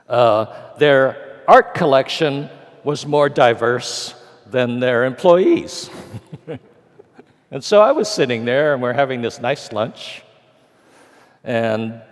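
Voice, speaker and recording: An older man in his sixties tells a lecture story with dry, wry humor, acting out both sides of each exchange. He speaks slowly and unhurriedly at a middling pitch. His voice rings with the long reverb of a large hall. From California. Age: 60s.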